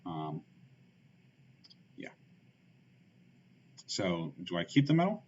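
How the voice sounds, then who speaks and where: A man's voice: deep voice, sing-song, takes it slowly, darkish tone. A man streaming a card game, thinking aloud in casual commentary with lots of fillers and muttered asides. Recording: dull lo-fi stream audio with faint hiss.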